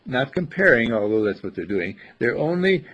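An older man with a very husky, breathy voice talks about life in a casual, inspirational way. His pitch swings up and down with lively, chuckling energy as he acts out small conversations. The recording is dull and lo-fi. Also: normal speed. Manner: animated, chuckling, acts out little dialogues. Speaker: speaker giving life advice.

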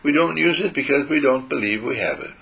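A man giving a gentle spiritual talk to a group, telling stories and acting out how he talks to his dog. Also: medium pitch, expressive, a little fast, creaky, lo-fi sound.

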